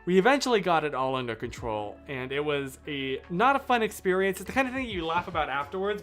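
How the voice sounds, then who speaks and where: A live streamer telling a story in casual, rambling chat, often stopping to correct themself and talk to viewers. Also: medium pitch.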